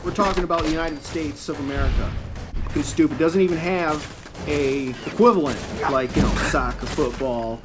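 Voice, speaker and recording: Man from Michigan, slightly higher voice, swearing gameplay rant, game music under it. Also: moderate pace. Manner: swearing, ranting, sarcastic. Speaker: gameplay commentator. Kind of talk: profane gameplay commentary rant.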